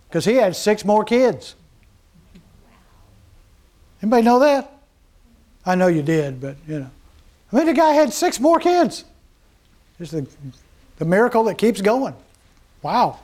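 A man with a notably high voice preaches a sermon, talking to his congregation as if chatting. He keeps asking them questions and slips into quick voices of the people he describes. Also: a little mellow. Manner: voices mockers and scripture in quick asides. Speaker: pastor.

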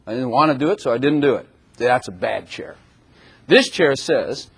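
A man's voice: medium pitch, animated, moderate pace, vocal fry, fairly bright tone, husky. A man preaching a sermon who often laughs and acts out little voices as he talks.

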